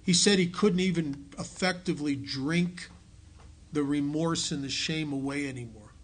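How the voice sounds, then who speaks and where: A man giving a recovery talk at a meeting, telling his story earnestly and dropping to a hush on key lines. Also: fairly high pitch, moderate pace. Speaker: AA speaker. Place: meeting hall.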